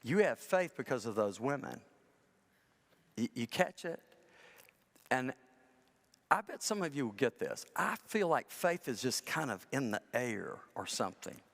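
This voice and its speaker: Animated male pastor in echoing church. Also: mid-range voice, a little slow, gravelly, pauses often. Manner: animated, chatty, self-deprecating humor, voices people in his stories. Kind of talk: conversational sermon with storytelling. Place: large church sanctuary. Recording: church with long reverb.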